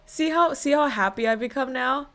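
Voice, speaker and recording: A woman livestreamer chatting casually with her viewers, excitable, laughing often and swearing freely. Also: high voice, normal speed.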